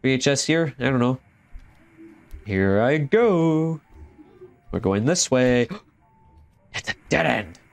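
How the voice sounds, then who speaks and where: A man's voice: mid-range voice, lively intonation, moderate pace, gravelly. A man commenting as he plays horror games, joking and laughing easily and chatting to the characters on screen. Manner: jokey, laughs easily, talks to the game characters. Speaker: gaming video host. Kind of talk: horror game let's play commentary.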